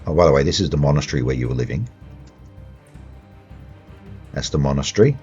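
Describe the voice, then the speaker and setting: A man narrating a tabletop horror game as game master, speaking haltingly with many fillers and restarts. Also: extremely low pitch, lively intonation, dark tone. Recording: dull lo-fi sound with faint music.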